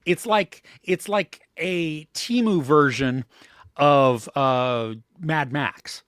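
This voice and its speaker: A man co-hosting a live movie chat, blunt and animated when he dislikes a film. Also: a little high, extremely slow, smooth, dry recording, clean studio sound. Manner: blunt, animated when ranting about films. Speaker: movie podcast co-host.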